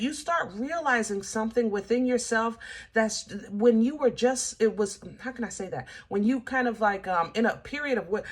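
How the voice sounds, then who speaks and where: A woman giving a casual tarot reading, talking straight to her viewers in a chatty, animated way. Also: mid-range voice. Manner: animated, chatty, laughs at herself, speaks to viewers as y'all. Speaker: tarot reader.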